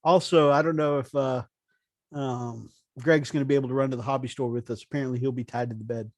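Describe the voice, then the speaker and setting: A man's voice: medium pitch, fairly even intonation, fast, dry recording, studio quality. A man co-hosting a casual tabletop hobby livestream, chatting and laughing often. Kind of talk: casual chat.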